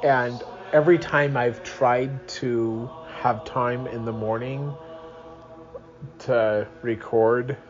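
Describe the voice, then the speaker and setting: A man's voice: mid-range voice, fairly even intonation, slow pace, lo-fi sound, background noise. A young man reading a religious book aloud at home in the early morning, tired and yawning, drifting into rambling asides. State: sleepy.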